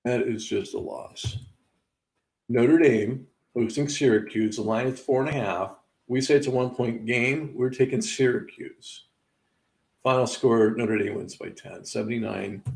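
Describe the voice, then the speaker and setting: A man's voice: medium pitch, vocal fry, a little mellow, low-quality recording. A man hosting a live sports betting show, casually running through game results with wry asides and laughing at his own missed picks.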